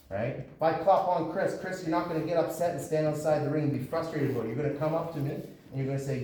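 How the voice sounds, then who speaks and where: A man's voice: a little high, steady tone, fast, hardly any pauses, dark tone, slight background noise. A man from Canada, a boxing coach giving his fighters a blunt talk about speaking up, in a gym. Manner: blunt, lecturing. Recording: echoey gym from far off.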